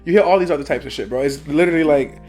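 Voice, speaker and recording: Brash, fairly high-voiced man. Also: rapid-fire, darkish tone, soft background music. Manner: brash storyteller, swears freely. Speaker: podcast co-host. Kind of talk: casual chat.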